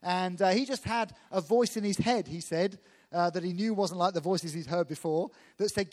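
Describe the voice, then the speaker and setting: A man from England preaching a sermon quickly and emphatically, turning to the congregation with asides. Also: sits high, steady tone, a little mellow. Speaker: visiting pastor. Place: church hall. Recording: echoey church hall.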